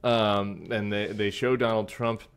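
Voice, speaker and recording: A middle-aged man in casual, jokey political chat, talking in halting, rambling stretches and a bit mumbly from a sore lip. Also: fairly low pitch, steady tone, smooth. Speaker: podcast co-host.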